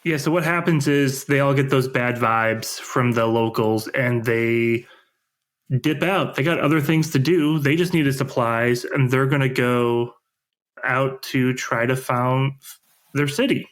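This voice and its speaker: A man co-hosting a podcast, summarizing the story in an easygoing casual lore chat with relaxed slang. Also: medium pitch, measured pace. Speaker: podcast co-host.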